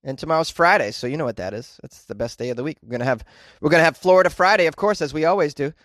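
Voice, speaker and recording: An American man hosting a comedy podcast, joking and rambling in a loose monologue with lively outbursts. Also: a little high, racing, dry recording, studio quality. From United States. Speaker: podcast host.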